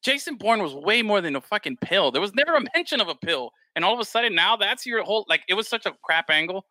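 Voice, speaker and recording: A man co-hosting a casual chat, talking in an animated, rambling way with plenty of swearing. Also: high voice, quick pace, no room sound. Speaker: podcast co-host.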